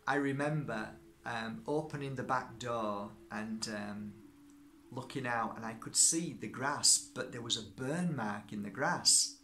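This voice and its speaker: A man's voice: medium pitch, a little slow, sharp tone, slight background noise. A middle-aged man, a crystal energy healer, talking casually to viewers and telling a personal story, often checking in with "okay?". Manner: chatty, checks in with listeners.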